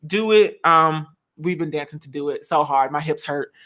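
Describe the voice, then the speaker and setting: Woman in her 20s, lively dramatic vlogger chatting to camera. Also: sits low, moderate pace. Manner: animated, dramatic, laughs often, sings snippets. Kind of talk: casual chat.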